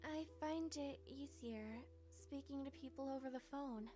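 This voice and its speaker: A man voicing a timid, shy teenage schoolgirl who speaks softly and hesitantly, with stutters. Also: very high voice, normal speed, soft background music, pitched above the performer's own voice. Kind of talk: voicing a visual novel character.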